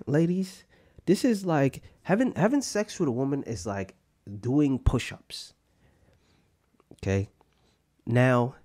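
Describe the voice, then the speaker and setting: A man's voice: mid-range voice, darkish tone. Give me a young man ranting crudely on a podcast, his voice leaping all over the place. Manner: profane, heated ranting with mock fury. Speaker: podcast co-host. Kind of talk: crude comedic podcast rant.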